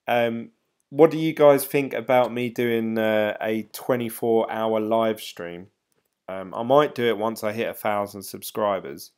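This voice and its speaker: A middle-aged man from England, chatting casually to viewers on a live stream, rambling and laughing between ums. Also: on the low side.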